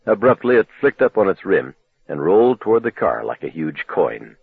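A man narrates a novel in the first person with a low, husky voice. His telling is measured and dramatic. The sound is dry and tinny, like a phone line. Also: big pitch swings, no room sound. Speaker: audiobook narrator.

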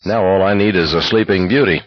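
A man voices a sardonic young man full of crude jokes and mock speeches. The voice rises a little above the reader's low, husky tone, on a slightly muffled recording. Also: fairly quick, no room sound. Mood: joking. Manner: wisecracking, mocking.

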